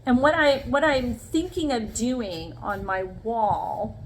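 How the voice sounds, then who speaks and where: Slow-talking chatty craft vlogger woman. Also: on the high side, a little hiss or hum, rough recording. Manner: chatty, talks viewers through each step with frequent "okay?". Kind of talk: casual craft demonstration.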